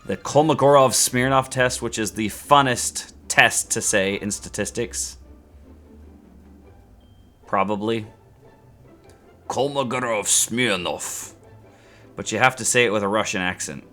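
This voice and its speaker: A man teaching statistics in a playful, sarcastic, animated way. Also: lowish voice. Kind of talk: scripted educational video.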